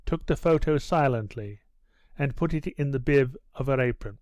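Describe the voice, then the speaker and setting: A male audiobook narrator reading a classic novel in steady, unhurried scripted narration. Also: medium pitch, no echo.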